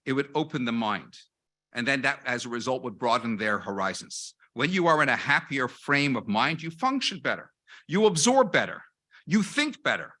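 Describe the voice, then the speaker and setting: Forceful, bright-voiced rabbi lecturing. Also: male voice, mid-range voice, sing-song. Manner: measured, rhetorical questions, builds points in lists. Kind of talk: lecture with anecdotes.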